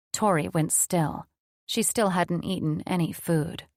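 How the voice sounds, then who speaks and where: A woman narrating a fantasy romance audiobook in an even, measured storytelling style. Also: on the low side, gravelly, no echo, studio quality.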